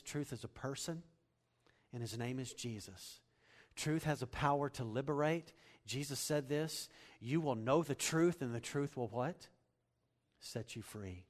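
A man preaching a sermon, climbing to loud emphatic peaks and dropping low, asking listeners to fill in words. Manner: asks the congregation to fill in words. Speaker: pastor.

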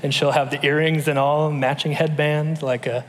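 A man in his thirties giving a conversational sermon, telling stories in a relaxed way with frequent fillers and restarts. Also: a little high, moderate pace. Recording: long hall reverb.

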